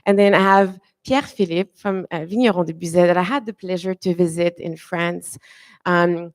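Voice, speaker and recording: A woman moderating a conference panel, chatty and warm to her guests, with many fillers and restarts. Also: fairly low pitch, normal speed, no echo. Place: conference room.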